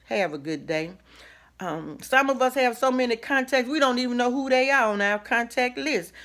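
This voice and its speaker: A woman's voice: high-pitched, fairly quick, a bit bright. A middle-aged woman, giving a folksy, preacherly motivational talk full of asides and rhetorical questions. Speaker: host. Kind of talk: casual motivational talk to camera.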